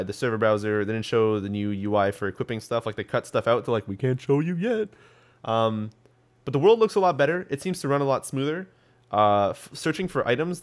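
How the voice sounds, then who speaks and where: A young man hosting a podcast, chatting casually about gaming news with lots of ums and restarts. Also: medium pitch. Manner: rambling, full of ums and restarts. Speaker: podcast host.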